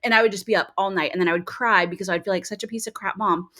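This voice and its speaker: A woman's voice: mid-range voice, fairly even intonation, racing, pushed and bright. A middle-aged woman hosting a podcast in casual chat, laughing often and acting out quotes. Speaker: podcast host.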